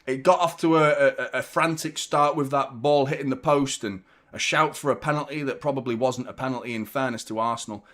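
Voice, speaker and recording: A man hosting a live fan watchalong, commentating on the match in an excitable, partisan way, swearing and shouting at big moments. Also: medium pitch, brisk, hardly any pauses.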